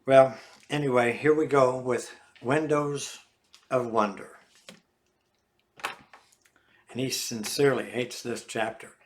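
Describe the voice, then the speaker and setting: Older man, folksy memoir reading, middle-pitched voice, animated storytelling. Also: slow, long pauses, slight background noise. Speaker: author. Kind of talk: reading his memoir aloud.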